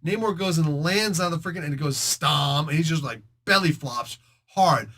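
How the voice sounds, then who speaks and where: A man's voice: fairly high pitch, normal speed, pushed and bright. A man hosting a casual comic book review, retelling the story with slang and sound effects.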